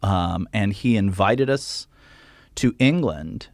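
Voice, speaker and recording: Low-voiced man telling rambling stories. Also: animated, slow pace, vocal fry, a little mellow, no echo, studio quality. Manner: rambling anecdotes with fillers and put-on quotes. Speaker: guest musician. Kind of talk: casual storytelling interview.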